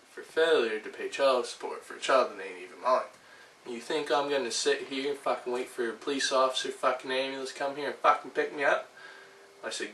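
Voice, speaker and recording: Brief: man impersonating a profane, bragging chicken catcher, rough rant, roomy echo with faint background hum. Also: mid-range voice, sharp tone, natural voice. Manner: profane ranting storytelling. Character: foul-mouthed rough male chicken catcher, boastful. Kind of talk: recited monologue impression. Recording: roomy, distant, faint ambient noise.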